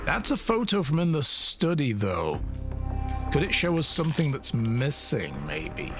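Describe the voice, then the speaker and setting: A man streaming a video game, chatting casually and thinking aloud with frequent laughs. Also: mid-range voice. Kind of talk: casual let's-play commentary.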